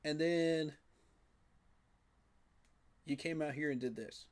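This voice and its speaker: A man's voice: on the high side, takes it slowly. A man giving a frustrated, emphatic postgame reaction rant, repeating his points for emphasis. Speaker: sports fan commentator.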